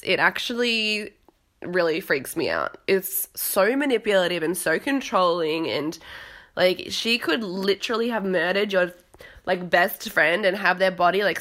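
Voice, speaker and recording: A woman's voice: lowish voice, measured pace, a bit bright. A woman casually chatting as a podcast host, gossipy and dramatic, with lots of filler words. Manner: dramatic, acts out quotes of others. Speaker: podcast host recapping a reality show. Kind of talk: casual chat.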